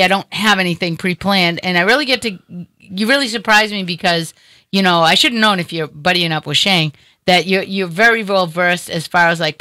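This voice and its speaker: A woman's voice: on the low side, bright, forceful tone, dry recording. A woman hosting a talk show, chatting casually with a guest in a rambling way with many fillers. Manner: chatty, rambling, lots of "you know". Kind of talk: casual interview chat.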